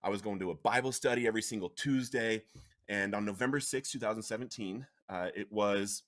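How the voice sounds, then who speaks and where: A man in his thirties recounts his own story of hitting bottom and getting clean. His voice sits a little low, and he talks with raw earnestness. He swings between heavy, quiet moments and bursts of animated, laughing storytelling. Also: a little fast. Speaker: podcast guest sharing recovery story. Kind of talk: emotional personal storytelling.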